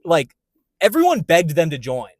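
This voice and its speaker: A man co-hosting a podcast in casual chat, retelling scenes with lively, acted-out animation. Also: fairly high pitch, moderate pace, no echo. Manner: animated storytelling, acts out scenes. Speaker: podcast co-host.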